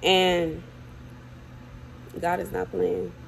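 A woman's voice: lowish voice, flat delivery, very slow, gravelly, rough recording. Crying woman begging viewers, says the same thing again and again, faint hiss behind. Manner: urgent and pleading, repeats phrases. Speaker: self-described prophet. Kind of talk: tearful warning to viewers. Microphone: phone or camera close up.

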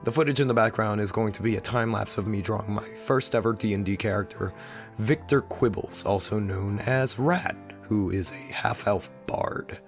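A man's voice: lowish voice, normal speed, faint music behind. A young man with a sick, wheezy voice, rambling casually and self-deprecatingly as he talks to his channel's viewers. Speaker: channel host. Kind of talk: rambling personal vlog talk.

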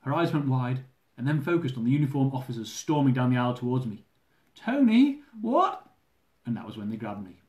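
A man reading his own humorous travel memoir aloud, lively and dramatic, with comic swearing. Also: mid-range voice, fast. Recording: roomy echo.

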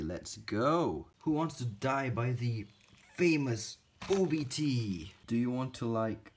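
A man's voice: medium pitch, big pitch swings, slow, a little mellow, slightly rough. A man narrating a casual pet-keeping vlog, chatty and teasing his spiders as he feeds them. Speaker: reptile and spider keeper vlogger.

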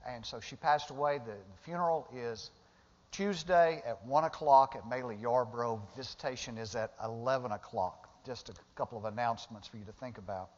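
In a church sanctuary, a male pastor preaches a sermon with a mid-range voice, a little fast. He talks conversationally, rising to emphatic bursts as he retells the story. The sound is dull and lo-fi, with long hall reverb.

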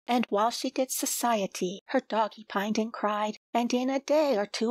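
A woman reading a children's storybook aloud, slowly and gently. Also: a little high, dry recording, low-quality recording. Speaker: audiobook reader. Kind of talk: storybook narration.

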